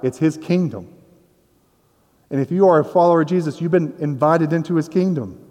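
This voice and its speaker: A man's voice: fairly high pitch, a little fast, a little mellow, in a large hall. A man preaching a sermon in a conversational, self-deprecating way, acting out quoted voices. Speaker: pastor.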